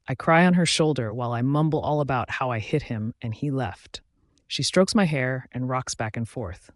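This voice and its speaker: A man narrating a first-person romance audiobook in a steady, even reading on a close microphone. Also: mid-range voice, normal speed, no echo.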